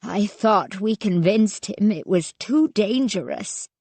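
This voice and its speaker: A woman's voice: mid-range voice, expressive, slow pace, darkish tone, husky, dry recording, heavily acted. A woman voicing a frail, frightened old grandfather who sounds worried. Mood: fearful. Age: older. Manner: worried, fearful.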